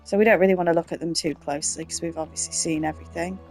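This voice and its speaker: A woman's voice: lowish voice, fairly even intonation, racing, darkish tone. A woman hosting a let's play, chatting and thinking aloud with eager enthusiasm. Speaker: gaming channel host. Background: game music.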